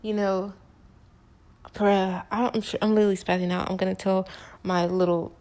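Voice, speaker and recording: A woman's voice: mid-range voice, little pitch movement, moderate pace, darkish tone. A young woman telling a personal story to the camera in a casual, slangy, emphatic way. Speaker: vlogger.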